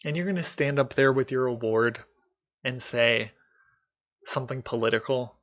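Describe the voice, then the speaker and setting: A man's voice: medium pitch, normal speed, lo-fi sound. A man hosting a live stream, reacting to a video with candid, sarcastic commentary and frequent laughs. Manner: candid, sarcastic, laughs often, mocking voices.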